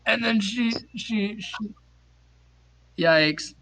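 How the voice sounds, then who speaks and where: Giggly, bright-voiced young man telling a story. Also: high voice, extremely slow, rough recording. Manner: animated, giggly, stammering storyteller. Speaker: podcast co-host. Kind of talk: casual chat, storytelling.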